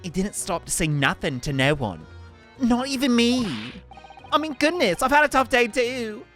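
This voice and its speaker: A man's voice: extremely high pitch, sing-song, moderate pace, fairly bright tone, faint music behind, pitched above the performer's own voice, heavily acted. A man voicing a cheeky, tough young woman who talks in bossy street slang. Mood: sulky. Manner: slangy, scolding, drops grammar. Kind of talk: game voice-acting in a let's play.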